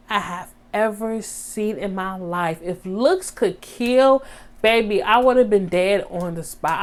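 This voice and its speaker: A young woman vlogger telling a story in a casual, animated way. She talks straight to her viewers in slang, and her voice jumps high for drama. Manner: animated, dramatic retelling with sudden high squeaks.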